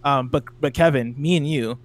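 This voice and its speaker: A man's voice: mid-range voice, normal speed. A man co-hosting a gaming podcast, chatting casually and telling a story with many fillers. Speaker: podcast co-host. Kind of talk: casual chat.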